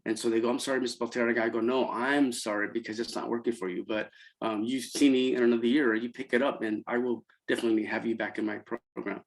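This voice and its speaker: Halting, heartfelt middle-aged man. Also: mid-range voice, fairly even intonation, vocal fry, low-quality recording. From Central California. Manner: halting, many restarts and fillers, voice rising when quoting students. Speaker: interview guest, college program founder. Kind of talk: emotional conversational storytelling.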